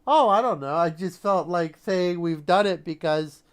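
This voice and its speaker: A man co-hosting a live-streamed podcast, talking in a rambling, halting way and laughing often. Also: sits high, slight background noise. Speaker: podcast co-host. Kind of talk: casual live-stream chat.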